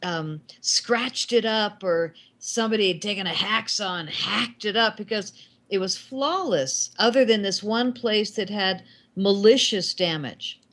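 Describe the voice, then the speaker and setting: A middle-aged woman, a guest filmmaker, telling animated anecdotes in casual talk and acting out the lines of the people in them. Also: medium pitch, measured pace. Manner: animated anecdotes with acted quotes. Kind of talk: casual storytelling.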